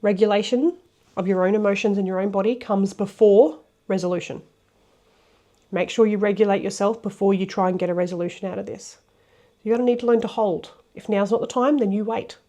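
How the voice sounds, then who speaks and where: A woman's voice: mid-range voice, fairly even intonation, a little fast, mellow. A young adult woman teaching relationship communication in a casual, frank way, swearing now and then. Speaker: relationship coach.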